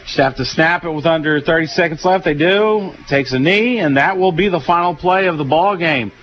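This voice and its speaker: A tired male radio announcer with a Southern twang, calling a football game play by play in a relaxed, folksy way with many fillers. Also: on the high side, normal speed, slight background noise. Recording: dull lo-fi radio broadcast.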